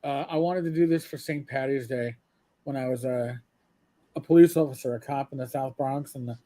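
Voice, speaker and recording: A man's voice: mid-range voice, brisk, mellow. A middle-aged man co-hosting a podcast, telling rambling anecdotes in casual chat with blunt profanity. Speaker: podcast co-host.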